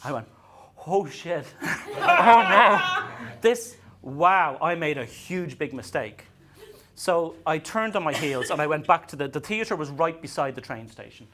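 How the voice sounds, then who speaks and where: An Irish man doing a stand-up comedy set, telling self-mocking stories in a halting way and often repeating his words as he restarts. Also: fairly high pitch, lively intonation, crowd noise. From Ireland. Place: comedy venue stage.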